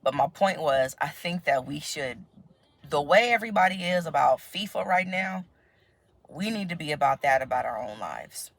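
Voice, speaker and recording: A woman's voice: low voice, normal speed, creaky, no echo. Chatty American woman vlogging, dry sound. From United States. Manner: chatty, laughs often, quotes others in animated voices. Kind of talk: casual chat to camera.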